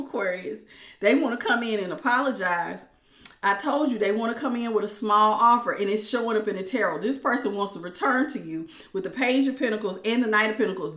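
Bright-voiced woman reading tarot. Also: mid-range voice, echoey room. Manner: animated, laughing, calls listeners honey. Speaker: tarot reader. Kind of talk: casual tarot reading to camera.

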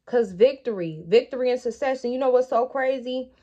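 A woman gives a spiritual tarot reading, addressing her viewers directly and with emphasis, drawing out important words between faster side comments. Her voice is fairly high and dark in tone, with the upper frequencies cut off.

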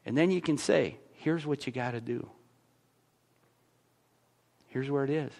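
A man's voice: medium pitch, measured pace, gravelly, a little mellow. A man pastor with an American accent, preaching a conversational sermon in a church with frequent stammered restarts.

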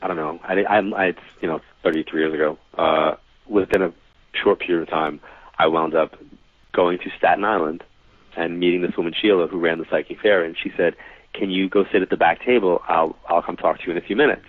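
A man's voice: low voice, a little fast, dry recording. A man in his forties from New York, a psychic medium telling stories as a guest and acting out the dialogue. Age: 40s. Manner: animated storyteller who acts out quoted dialogue. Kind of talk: casual storytelling interview. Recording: dry, tinny phone-like line.

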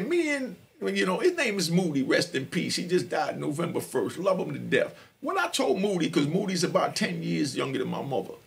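Middle-aged man, podcast guest, storytelling, very raspy, lively pitch, streetwise. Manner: emphatic and streetwise, addresses listeners directly.

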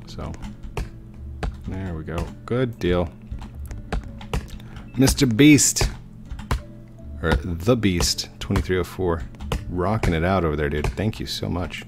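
Man, deep voice, unhurried, casual game commentary, faint music behind. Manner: easygoing, chatty, talks to himself while building. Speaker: gaming YouTuber. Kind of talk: casual let's-play commentary.

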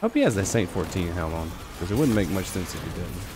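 A man giving casual live commentary on his own gameplay, talking to himself and his viewers and jumping into high excited yelps. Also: quick pace, over music. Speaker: game streamer.

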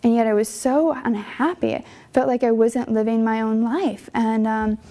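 A young religious sister recounts her calling, earnest and emotional, stumbling through little fillers as she goes. Her voice sits a bit high yet sounds mellow, with a gravelly edge. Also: fairly even intonation, moderate pace. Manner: earnest, conversational, many fillers; emotional storytelling. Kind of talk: personal vocation testimony.

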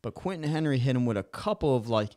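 A man with a mid-pitched voice co-hosts a casual combat sports talk show. He speaks in a relaxed, slangy way. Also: quick pace. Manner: laid-back, slangy banter. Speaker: show co-host.

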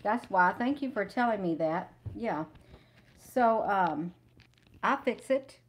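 A woman's voice: mid-range voice, animated, slow, slight background noise, low-quality recording. A middle-aged woman hosting a casual livestream from the woods, chatting with viewers and reading aloud, and she keeps saying "you all". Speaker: livestream host. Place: outdoors in the woods. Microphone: clip-on mic with cord.

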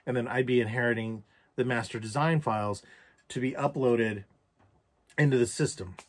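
A man's voice: medium pitch, steady tone, moderate pace. Man telling a candid personal story. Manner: candid, reflective, swears freely. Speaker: vlogger.

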